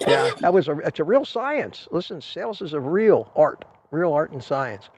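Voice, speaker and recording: A man's voice: fairly high pitch, sing-song, moderate pace, a little mellow, breathy edge, no echo. An older man hosting a casual livestream, talking to viewers in a chatty, rambling way with a salesman's patter. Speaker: livestream host. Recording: dull lo-fi stream audio.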